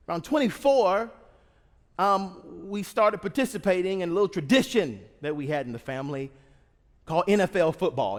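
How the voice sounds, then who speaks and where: Brief: thirties male pastor, high voice, chatty storytelling sermon, long church-hall reverb. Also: a bit bright. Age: 30s. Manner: humorous, conversational, engages the congregation. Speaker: guest pastor. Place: church sanctuary.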